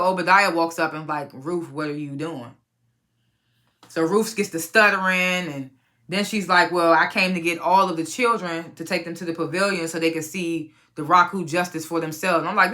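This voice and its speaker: A woman casually recapping a TV episode, profane and animated, often laughing and acting out the characters' lines. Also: lowish voice. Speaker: TV recap reviewer.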